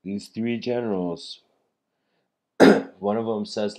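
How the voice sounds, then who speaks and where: Deep-voiced man telling a rambling story. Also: steady tone, slow, pauses often, darkish tone. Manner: loose, full of "you know" fillers, frequent throat clearing. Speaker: lecturer. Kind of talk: rambling spoken storytelling lecture.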